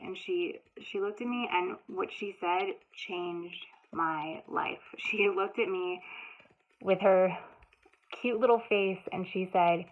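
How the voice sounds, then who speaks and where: Woman in her thirties, heartfelt first-person storyteller with a halting delivery and a thin, lo-fi sound. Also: mid-range voice, steady tone. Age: 30s. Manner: emotional, halting, many restarts and fillers. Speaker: author telling her story. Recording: tinny phone-like sound.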